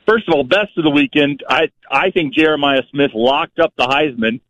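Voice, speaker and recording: A man's voice: on the high side, moderate pace, fairly bright tone, no echo, dull audio. A man calling a sports radio show, eagerly sharing his best, worst and a stat. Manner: upbeat, eager. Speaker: caller. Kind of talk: phone-in call.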